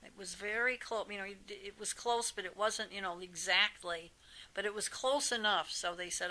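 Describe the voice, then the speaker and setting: Bright-voiced older woman telling stories. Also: mid-range voice, moderate pace, rough recording. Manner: chatty, animated anecdotes with frequent asides. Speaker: psychic medium guest. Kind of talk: casual interview storytelling.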